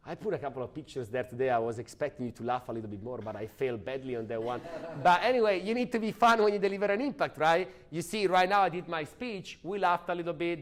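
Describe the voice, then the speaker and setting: A man giving an energetic, emphatic sales training talk, often asking the audience questions. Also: on the high side.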